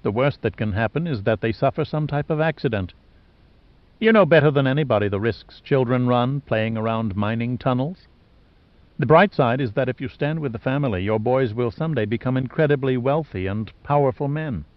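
An icy, scheming rich sister who talks with calm, mocking composure, read by a man in his own low-key voice. The recording is dry and a little dull, like lo-fi audio. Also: brisk, no echo, natural voice. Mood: cold. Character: wealthy cold scheming woman, adult sister.

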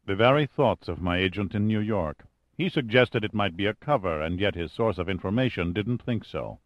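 A man voicing a suave, calculating male schemer who speaks in a smooth, purring way. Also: on the low side, lively intonation, normal speed, dry recording, lightly acted. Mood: smug.

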